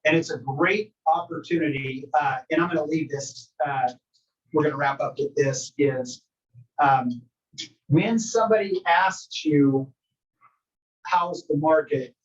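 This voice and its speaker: A man's voice: a little high, unhurried. A man teaching a workshop to a live group, coaching in a conversational way and asking the group questions. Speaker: real estate trainer. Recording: distant, dull room recording.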